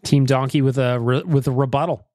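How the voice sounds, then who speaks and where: A Canadian man hosting a podcast, playful and quick to laugh, reading out voicemails. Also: mid-range voice, steady tone, a little mellow, no room sound, studio quality. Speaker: podcast host. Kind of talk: casual podcast chat.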